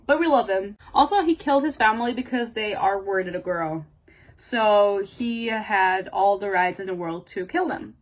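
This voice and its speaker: A woman's voice: mid-range voice, low-quality recording. A young woman giving a casual, sarcastic book rant at home, swearing bluntly and using lots of filler words. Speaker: book reviewer.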